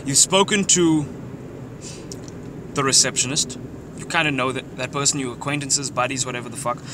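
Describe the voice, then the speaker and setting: A young man with a medium-pitched voice and moderate pace laughs often while handing out loose, profane social advice during a casual chat as he drives. The noisy car interior picks up car and street sounds from outside.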